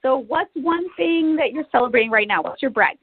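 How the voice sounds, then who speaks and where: Over a tinny phone-line recording with faint noise and no echo, a female podcast host brims with encouragement for her guest in an upbeat interview. She speaks briskly in a high, husky voice with lively intonation.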